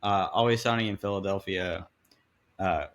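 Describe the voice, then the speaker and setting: A man's voice: low voice, normal speed. A man in a casual podcast chat, talking in a matter-of-fact way and correcting details. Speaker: podcast participant.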